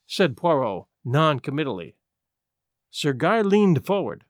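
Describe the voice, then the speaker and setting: Man reading a detective audiobook, high lively voice, dry close mic. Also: normal speed, no echo. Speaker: audiobook narrator. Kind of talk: scripted narration.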